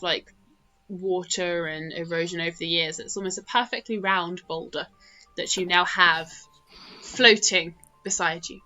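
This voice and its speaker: A British woman narrating a tabletop game as game master, telling the scene in a lively way and shouting small character lines in a high voice.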